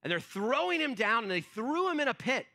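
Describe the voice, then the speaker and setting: Brief: man preaching in church, high and bright voice, chatty storyteller who leans on fillers. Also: sing-song, a little fast, vocal fry. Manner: conversational storytelling, acts out quotes, frequent fillers. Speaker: pastor. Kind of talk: sermon.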